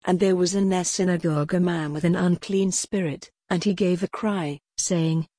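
A woman giving a steady, measured reading of Bible passages, pausing deliberately between phrases. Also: fairly low pitch, no echo, clean studio sound. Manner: steady, even-paced reading with deliberate pauses. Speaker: scripture reader.

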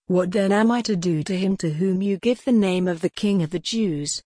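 A woman's voice: mid-range voice, normal speed, warm tone, no echo, clean studio sound, close to an everyday voice. A woman reading the quoted words of a stern Roman governor in a plain questioning tone.

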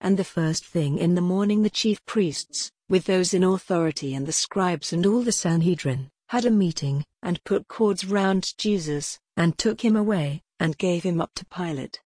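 A woman giving a measured, deliberate reading of scripture aloud. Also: fairly low pitch, darkish tone, breathy edge, no room sound, studio quality.

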